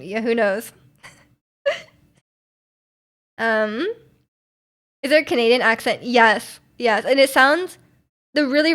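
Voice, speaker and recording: A woman's voice: fairly high pitch, fairly bright tone. A young woman streaming live, chatting casually with her viewers in a rambling, giggly way.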